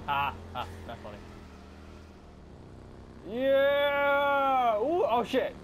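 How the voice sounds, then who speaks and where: A young man commentating a video game, loud and swearing constantly, yelling and laughing as he plays. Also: very high voice, sing-song, extremely slow, a little hiss or hum. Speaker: gameplay commentator. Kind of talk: excited, profane let's-play chatter.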